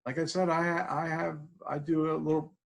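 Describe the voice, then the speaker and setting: A man's voice: a little high, flat delivery, normal speed, gravelly. A man teaching a class, walking students through a tapping exercise and repeating phrases as he demonstrates. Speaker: instructor.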